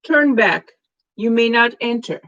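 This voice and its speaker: A woman reading the part of a stern male temple priest who speaks in a lifeless monotone. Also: on the high side, a little slow, muffled recording. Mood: cold.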